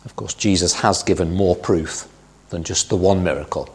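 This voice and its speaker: A middle-aged man delivers a sermon, walking through scripture in a measured way. His voice sits low and has a husky edge. He leans on quoted verses for emphasis. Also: a little mellow. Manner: measured Bible teaching, quoting scripture with emphasis. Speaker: preacher.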